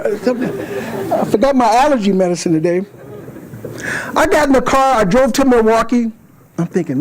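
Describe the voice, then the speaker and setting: A man's voice: very high-pitched, moderate pace, low-quality recording. A man giving a speech to a club, telling stories and acting out the voices of the people in them. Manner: animated, acts out voices in his stories. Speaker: guest speaker. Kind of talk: storytelling speech. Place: meeting hall.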